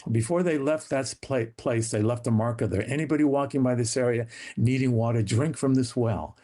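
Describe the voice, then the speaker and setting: A man speaks a bit quickly in a warm voice while sharing his family history in an interview. The retelling is heartfelt and dramatic, with his pitch swinging up and down.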